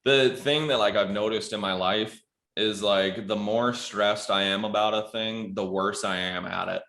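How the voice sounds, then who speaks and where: A bright, forceful male voice tells loose, profane stories in a casual podcast chat. He is a comedian guest and often breaks into loud, high acted quotes. The room sounds echoey. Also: fairly even intonation, measured pace.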